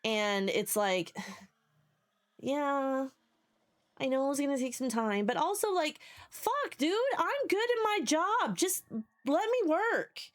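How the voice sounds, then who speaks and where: Lady chatting w her stream, bouncy up and down pitch, laughs and cusses, hanging out at home. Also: animated, takes it slowly. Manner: rambling, swears freely, laughs often, greets chat by name. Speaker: live streamer chatting with viewers. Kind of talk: casual chat. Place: home basement.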